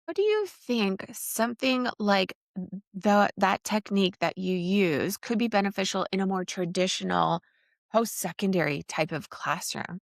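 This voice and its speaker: A woman's voice: medium pitch, animated, moderate pace, creaky, dry recording, studio quality. A woman hosting an education podcast, asking questions and summing up the guest's points. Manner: reflective, sums up the guest's points. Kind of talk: casual interview talk.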